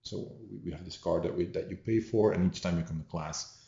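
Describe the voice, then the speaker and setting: A man's voice: low voice, fairly quick, gravelly, warm tone. A man hosting a podcast, telling martial arts anecdotes in a rambling, amused way with many restarts and asides. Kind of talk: casual storytelling monologue. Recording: dull roomy home recording.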